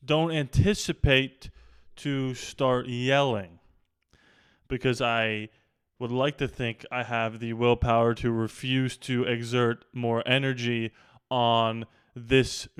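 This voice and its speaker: A man hosting a sports video, giving an exasperated, opinionated rant that keeps building to loud outbursts. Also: mid-range voice, smooth. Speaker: sports vlogger.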